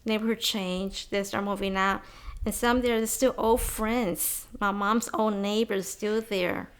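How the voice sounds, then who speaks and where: A woman's voice: medium pitch, steady tone, slow pace, clear, resonant tone. A woman from Houston's North Side tells neighborhood stories in an interview, chatty and humorous, slipping Spanish phrases in. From North Side of Houston, USA. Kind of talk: personal oral-history account.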